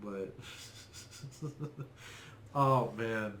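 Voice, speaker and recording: A man's voice: fairly low pitch, very slow, a bit bright, slight background noise. A man co-hosting a casual podcast, reading a profane comic rant with theatrical outrage. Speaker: podcast co-host.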